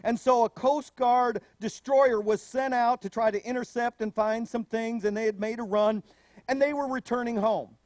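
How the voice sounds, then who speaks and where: A man preaching a sermon as a pastor, telling stories with animated asides. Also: very high voice, moderate pace, no room sound, studio quality.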